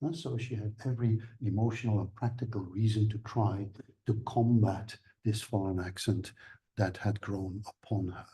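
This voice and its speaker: A man giving an academic seminar lecture, explaining things in a measured way. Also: on the low side, steady tone, dark tone, husky.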